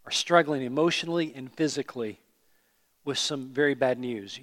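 A man preaching a sermon as pastor, earnest, rising to emphatic peaks and falling to hushed phrase endings. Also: a little high. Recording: hall reverb.

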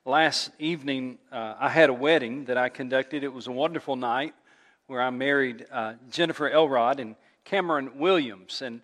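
A man preaching as a pastor, telling a funny story with animated delivery before his sermon. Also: mid-range voice, moderate pace. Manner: animated storyteller who laughs at his own tale. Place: church sanctuary. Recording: long church reverb.

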